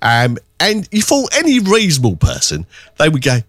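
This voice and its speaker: A man hosting a radio show, telling a story in a relaxed, chatty way. His pitch swings widely and lends his talk a sing-song lilt. The studio sound is close and dry, with no room echo. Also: moderate pace. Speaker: radio host. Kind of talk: casual radio chat.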